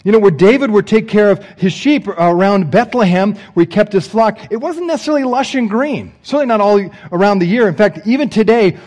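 A man preaching a sermon as pastor, conversational with joking asides to the congregation, swinging between loud emphasis and hushed phrases. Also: sits high, animated, a little fast, hardly any pauses.

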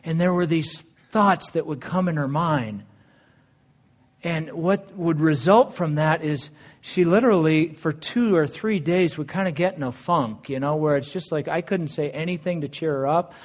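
Male pastor, slightly high voice, earnest conversational sermon with scripture readings. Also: normal speed. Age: adult, married.

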